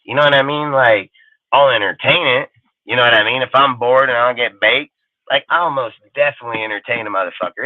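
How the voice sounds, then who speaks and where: A man hosting a sports talk show in a casual, animated, rambling rant full of swearing. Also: mid-range voice, dry recording. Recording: tinny phone-like line, dry.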